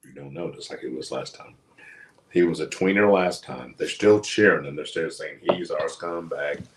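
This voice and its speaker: There's a slight hiss or hum behind this rumbling low male voice, moving at a moderate pace. He co-hosts a casual wrestling chat show, spinning energetic stories, acting out quotes, and laughing a lot.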